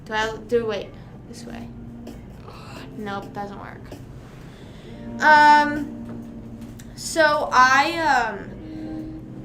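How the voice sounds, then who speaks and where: Young woman streamer, high voice, chatty and playful, with music underneath. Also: extremely slow, long pauses, pushed and bright. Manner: chatty, reads rhymes aloud to chat, sings snippets. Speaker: livestream host. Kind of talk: casual livestream chat. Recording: music playing behind her voice.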